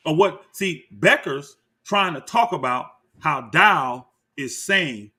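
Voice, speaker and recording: Fired-up man, husky voice, bright edge. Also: a little high, normal speed. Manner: animated and combative, addresses viewers as y'all. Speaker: commentator reacting to clips. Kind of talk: heated reaction commentary.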